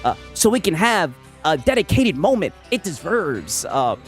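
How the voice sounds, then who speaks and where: A man's voice: on the high side, big pitch swings, moderate pace. A man streaming casual commentary, rambling and mocking, tagging lines with "right?". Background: music playing.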